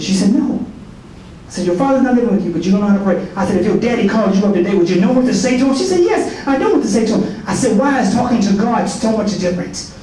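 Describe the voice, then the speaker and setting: A high-voiced man preaching at a prayer breakfast in a folksy, joking way. He acts out the voices of people he quotes. His voice is picked up from a distance and echoes around a big hall over faint noise. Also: a little mellow. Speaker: soldier giving a prayer breakfast talk. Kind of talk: sermon.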